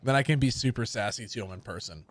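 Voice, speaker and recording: A man's voice: mid-range voice, fast. A man in his thirties, a livestream gamer chatting casually with viewers in a sassy, sarcastic way. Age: 30s. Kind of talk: casual stream chat with viewers.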